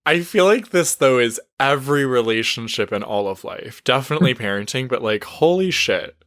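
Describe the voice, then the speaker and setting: A man hosting a podcast interview, reacting warmly and enthusiastically to his guest. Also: medium pitch, lively intonation, moderate pace, no echo, studio quality. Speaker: podcast host and coach.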